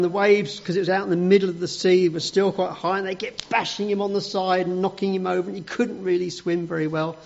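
A man telling a story to a group of children in an animated, playful way. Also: high-pitched, gravelly, lo-fi sound.

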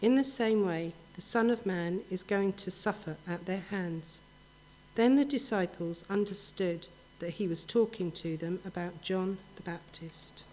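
A woman giving a measured, even reading of a Bible passage. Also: on the low side, poor audio. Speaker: scripture reader.

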